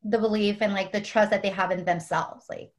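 A woman's voice: medium pitch, steady tone, brisk. A woman hosting a casual interview, chatty and using "like" often. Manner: chatty, leans on "like" a lot. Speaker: podcast host.

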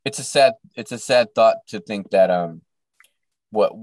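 A man co-hosting a casual podcast, rambling and often clearing his throat. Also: lowish voice, measured pace, darkish tone, no echo. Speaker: podcast co-host. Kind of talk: casual chat.

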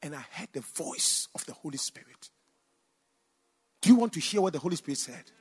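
A man preaching a sermon, telling a personal story with sudden shouts and bursts of laughter. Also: a little high, animated, fairly quick, husky. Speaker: pastor.

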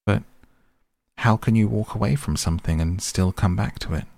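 A man's voice: on the low side, moderate pace, vocal fry, a little mellow, dry recording, studio quality, pitched above the performer's own voice. A man voicing a brave, stubborn young girl who speaks plainly and firmly. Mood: earnest. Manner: plain, earnest and firm.

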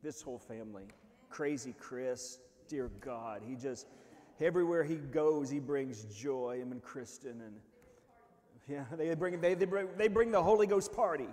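A man preaching a testimony sermon, swinging from hushed, low stretches to loud shouts, often restarting his words. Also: moderate pace. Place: church hall. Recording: long reverb of a church hall.

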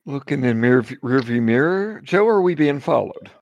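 A man's voice: medium pitch, expressive, moderate pace, creaky, darkish tone, dry recording, highs cut off. A man playing a tabletop game, chatting casually and joking with lots of laughs. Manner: jokey, laughing between lines. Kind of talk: casual chat.

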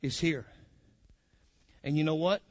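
A man's voice: on the high side, a little slow, dry recording. A man preaching a sermon, fiery and colloquial, calling out to his congregation. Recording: muffled lo-fi recording.

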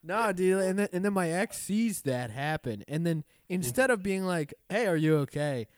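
Man, slightly high voice, dry close sound, casual profane chat, animated storytelling. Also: normal speed, dry recording. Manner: animated storytelling, acts out quoted lines, frequent swearing.

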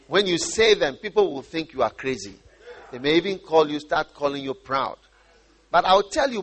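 A man from Ghana preaching a sermon, animated and often repeating and restarting his phrases. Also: fairly high pitch.

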